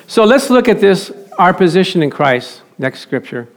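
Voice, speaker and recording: A middle-aged man preaching a sermon with fervent energy, swinging from loud praise to soft, low storytelling. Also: sing-song, moderate pace.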